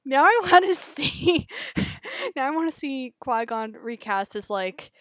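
A woman on a fan podcast with a somewhat high voice, talking casually. Her voice is wry, laughs come easily, and she swears offhandedly. The recording is dry and close, with no room sound. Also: big pitch swings, a little slow, fairly bright tone, no room sound.

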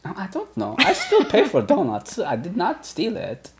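A woman's voice: medium pitch, huge pitch swings, a little slow, gravelly, a little hiss or hum, exaggerated voice. A woman playing a simple-spoken, cheerful male Dragonborn warrior who loves donuts, talking in broken childlike grammar in a tabletop role-play. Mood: earnest.

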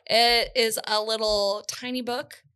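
A woman's voice: a little high, level tone, takes it slowly, pushed and bright, clean tone. A woman hosting a book podcast, chatting casually and enthusiastically. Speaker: podcast host. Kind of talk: casual chat.

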